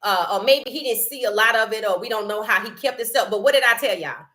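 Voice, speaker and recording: A woman hosting a live sports stream in casual chat, animated and laughing often as she greets viewers in the chat by name and speaks. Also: on the high side, fast. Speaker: livestream sports host.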